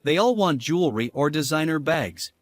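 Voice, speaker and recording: Male actor as selfish cheating husband; lively, higher voice, dry close recording. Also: moderate pace, dry recording, natural voice. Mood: pleading. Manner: lively, swinging between angry and begging. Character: selfish unfaithful husband, pleading and blustering. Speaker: husband character. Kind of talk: dramatized story dialogue.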